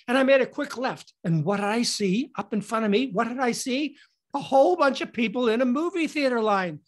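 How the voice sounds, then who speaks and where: Animated man telling a comic story. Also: very high-pitched, brisk. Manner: animated, theatrical, acts out scenes. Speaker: storyteller and podcast host.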